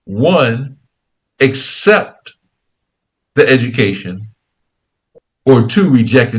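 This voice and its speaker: A man being interviewed, telling a story in a casual, lively way and acting out the voices of the people in it. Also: mid-range voice, slow, pauses often. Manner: animated storyteller, acts out quoted dialogue. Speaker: guest, investing program founder.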